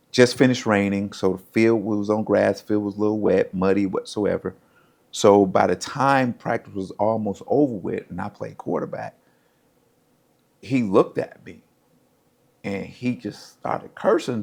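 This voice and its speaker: A low, creaky voice belongs to a middle-aged man who once played pro football. Appearing as a podcast guest, he tells stories with animation and acts out what people said to him, keeping the interview casual.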